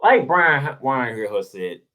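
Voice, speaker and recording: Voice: mid-range voice, sing-song, slow, bright, forceful tone. A sports show host delivering a heated solo rant, sarcastic and casual, firing off rhetorical questions and repeating points for emphasis.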